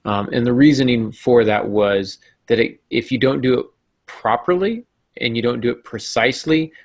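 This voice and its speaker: A man with a gravelly, creaky voice hosts a writing podcast in a casual, thinking-aloud way. He hesitates often, restarts his sentences and pokes fun at himself. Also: medium pitch, normal speed. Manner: hesitant, many ums and restarts, self-deprecating. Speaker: podcast host. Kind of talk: casual discussion.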